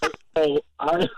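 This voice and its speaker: A man guesting on a sports talk radio show, from Southern California. His voice sits a little high, and he rambles through exaggerated, jokey stories, stumbling over his own restarts. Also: background noise. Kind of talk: casual sports radio banter.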